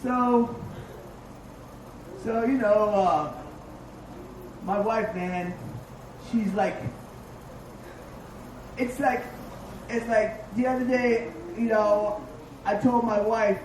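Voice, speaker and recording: A man's voice: extremely slow, long pauses. A man doing a crude stand-up set on a dive bar stage, telling stories about his wife. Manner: crude, storytelling, lively swings in pitch. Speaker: stand-up comedian. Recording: echoey bar from far off, faint noise.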